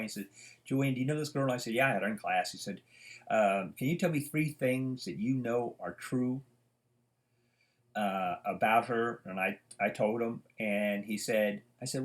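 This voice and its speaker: An older man teaching psychology in a loose, rambling lecture style at home, full of fillers, restarts and side stories. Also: fairly low pitch. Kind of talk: informal lecture.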